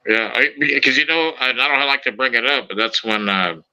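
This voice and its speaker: A podcast host tells stories in casual conversation, cursing freely and animatedly performing the voices of the people he quotes. His medium-pitched voice moves briskly, and the recording sounds rough.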